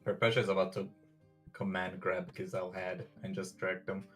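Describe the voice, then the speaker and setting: A man's voice: deep voice, completely flat delivery, brisk, over music. A man playing a tabletop game, laid-back and casual. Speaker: player. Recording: distant from the mic.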